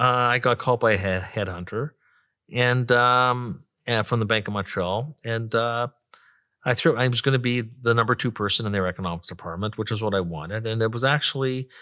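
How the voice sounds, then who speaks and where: Bright-voiced man telling a career story. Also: fairly low pitch. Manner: chatty, many fillers and restarts. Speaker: economist, interview guest. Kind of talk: conversational storytelling.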